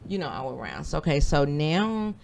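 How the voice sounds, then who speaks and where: A woman's voice: sits low, very animated, normal speed, gravelly, darkish tone. A woman hosting an interview, recapping her guest's story and asking follow-up questions. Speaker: host.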